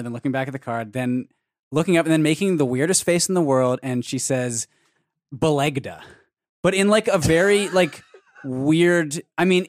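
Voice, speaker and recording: Eager male host, higher voice. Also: no room sound, clean studio sound. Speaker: podcast host. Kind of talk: casual podcast chat.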